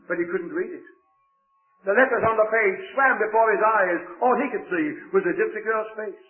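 A man's voice: high voice, normal speed. A man telling a dramatic moral story in an earnest, preaching manner. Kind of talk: dramatic sermon-style story narration. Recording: echoey, phone-like lo-fi recording.

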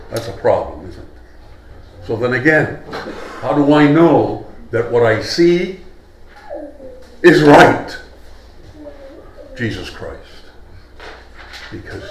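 A man's voice: mid-range voice, a little hiss or hum. A male preacher giving a sermon in a conversational way, putting questions to his congregation. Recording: echoey hall, mic at a distance.

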